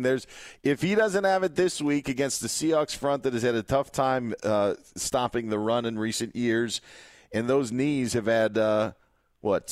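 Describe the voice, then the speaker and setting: A man's voice: medium pitch, no echo, studio quality. A man from Wisconsin co-hosting a casual sports podcast, joking and wrapping up the show. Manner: jokey, wraps up the show. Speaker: podcast co-host.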